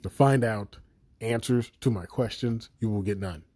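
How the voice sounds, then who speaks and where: A man's voice: lowish voice, normal speed, a little mellow, slightly rough. A man giving an exasperated, profanity-laden video review of a series he thinks let him down. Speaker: show reviewer.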